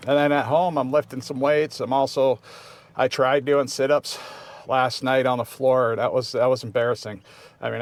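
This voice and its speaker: A man in his fifties hosting a casual vlog, talking in an easygoing, rambling way with many restarts. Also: mid-range voice. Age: 50s. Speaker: vlog host.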